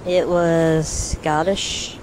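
A woman's voice: low voice, little pitch movement, very slow, noisy background. A woman voicing an eager, bumbling male actor in a cartoon, cheery and obliging.

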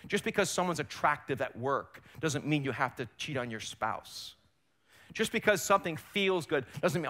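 A pastor preaching live in his church, his voice a touch high and very bright. He presses his points hard, then drops low and soft before building up again. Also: animated, normal speed. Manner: emphatic preaching, rising and falling in force. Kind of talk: sermon. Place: church sanctuary.

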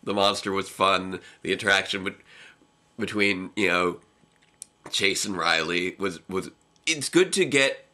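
A man's voice: deep voice, a little slow, bright, forceful tone. A young man co-hosting a casual reaction chat, rambling and restarting his sentences and laughing often. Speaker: co-host reviewing episodes.

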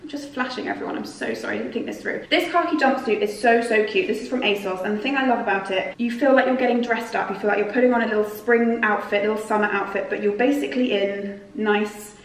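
A chatty British woman in her twenties talks through a clothing haul at home, bubbly and quick to poke fun at herself. Her voice sits a little high. She is recorded in an echoey room, somewhat away from the mic. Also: far from the mic. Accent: British English. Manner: chatty, bubbly, self-mocking asides. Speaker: fashion vlogger. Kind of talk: casual try-on haul chat. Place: home room, seated by a sofa.

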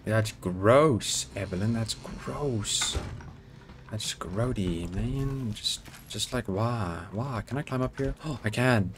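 Low-voiced excitable gamer guy. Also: a little slow, few pauses, slight background noise. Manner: excitable, swearing, begging and joking at the game. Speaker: gaming YouTuber. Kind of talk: let's play commentary.

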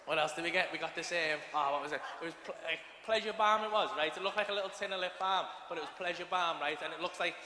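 English bloke doing standup, high-ish voice, swears a lot, big echoey arena with crowd noise. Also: male voice, fast talker, hardly any pauses. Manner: sweary, rambling, animated. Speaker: stand-up comedian. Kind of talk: stand-up storytelling. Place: large arena stage. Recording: echoey arena, live audience.

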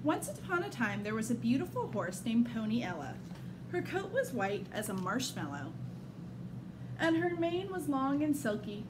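A school staff member, a woman, reading a children's picture book aloud in an expressive storytelling manner. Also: a little high, moderate pace, noisy background.

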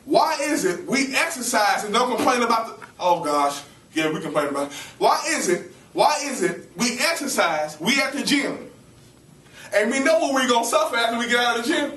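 A young man preaching a lively, playful sermon to a campus ministry, calling out questions to his listeners. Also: very high voice, normal speed, a little hiss or hum. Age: young adult. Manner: animated, playful, calls to the audience. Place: campus ministry meeting room. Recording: roomy hall, mic at a distance.

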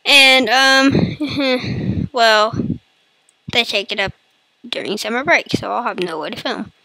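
A woman talks over her gameplay in a high, hoarse voice that keeps catching on a cough. She is playful and chatty, tossing jokey asides to her viewers at an unhurried pace. Her mic is close and dry. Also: sharp tone, no echo, poor audio. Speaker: gaming YouTuber. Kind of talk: casual let's-play commentary. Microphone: computer mic.

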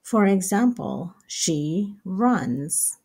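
A woman teaching English writing step by step, slow and deliberate, repeating each example sentence. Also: medium pitch, animated, a little mellow, breathy edge.

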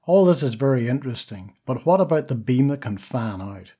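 A man's voice: mid-range voice, animated, fairly quick, mellow, husky. A man reading the part of a desperate, dazed man buying a gun in an audiobook, strained and tense. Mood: wry.

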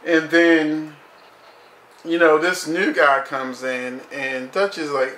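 A man's voice: a little high, steady tone, slow, pushed and bright, roomy sound. A man reviewing a TV episode in casual commentary, blunt and profane, saying "you know" constantly.

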